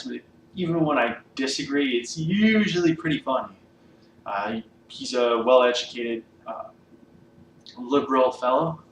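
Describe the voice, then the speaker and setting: A man's voice: medium pitch, a bit bright. Rambling man talking from across an echoey room. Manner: rambling, loose, swears often, many fillers. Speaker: vlogger ranking comedians. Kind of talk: casual unscripted monologue. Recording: echoey room, mic at a distance, faint background hiss.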